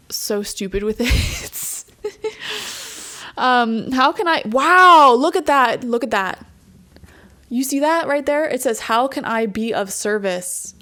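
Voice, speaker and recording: Laughing frequently, a chatty, animated young tarot reader does a relaxed pick-a-card session. Her voice sits in the mid range.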